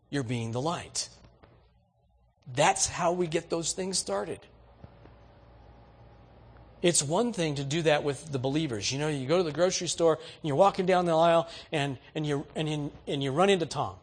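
Male pastor, husky tone, leans high, folksy storytelling sermon. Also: animated, normal speed.

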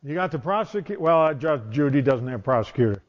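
Storytelling preacher with a dull lo-fi sound. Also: male voice, a little high, animated, fast. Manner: storytelling, conversational, with restarts. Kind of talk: sermon.

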